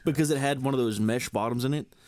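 A man's voice: mid-range voice, quick pace, darkish tone, no echo. A man co-hosting a podcast, telling a story in an easygoing, casual way. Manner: easygoing, says "dude" often. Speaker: podcast co-host.

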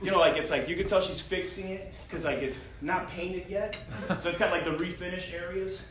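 A man telling a comic story, animated and laughing as he goes, with plenty of slang. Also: sits high, a little fast, slight background noise. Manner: animated, laughing through his lines, slangy with lots of "bro". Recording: roomy sound with loud audience laughter.

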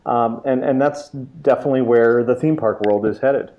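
A man's voice: medium pitch, normal speed. Eager man on a muffled line. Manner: enthusiastic, hesitant fillers. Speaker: guest, theme park writer. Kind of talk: casual interview talk.

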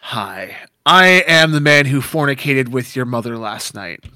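A man voicing a cocky young male fighter who trades insults deadpan. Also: medium pitch, measured pace, dry recording, studio quality. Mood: insolent. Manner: deadpan, provoking.

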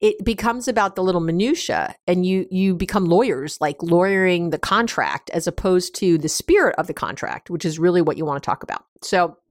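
Woman therapist podcasting, kinda low voice, chatty w lots of ums, super dry mic. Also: brisk, hardly any pauses, dry recording. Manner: conversational, many fillers and restarts, lively emphasis. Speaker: podcast host and couples therapist. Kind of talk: casual advice podcast monologue.

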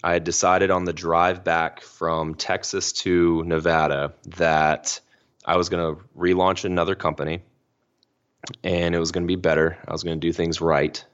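A man's voice: low-pitched, fairly bright tone, clear, resonant tone, highs cut off. A young man telling a personal story on a podcast as a guest, casual and slangy, full of "like" and "you know".

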